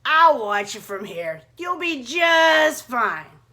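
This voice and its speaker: A woman voicing a tricky, smooth-talking male wolf in a told story, with a drawling, coaxing manner. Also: high-pitched, very animated, slow pace, bright, forceful tone, exaggerated voice.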